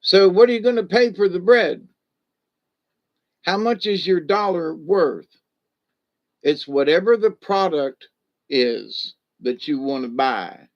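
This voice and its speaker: A man's voice: high-pitched, expressive, takes it slowly, pauses often, muffled recording. A man hosting a casual livestream, rambling in a loose, folksy way and greeting viewers by name. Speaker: livestream host.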